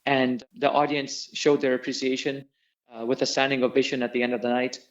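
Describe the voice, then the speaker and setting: Middle-aged guy telling stories in an interview, does the voices of people he quotes, normal pitch, kinda muffled lo-fi audio. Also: a little fast. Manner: animated storyteller who acts out quoted voices. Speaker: interview guest, tabla player and singer. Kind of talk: storytelling in an interview.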